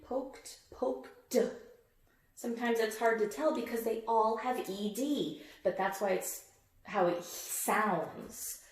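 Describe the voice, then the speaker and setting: A woman's voice: fairly high pitch, a little mellow, roomy sound, slight background noise. A woman teacher reading a picture book aloud and repeating words emphatically as she quizzes her listeners on word endings. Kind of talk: read-aloud phonics lesson.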